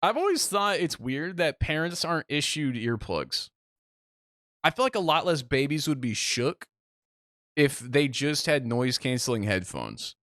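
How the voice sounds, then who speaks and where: A man in his twenties co-hosting a casual podcast, ranting and joking in an animated way. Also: a little high, a little slow, no room sound, studio quality. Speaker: podcast co-host. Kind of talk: casual chat.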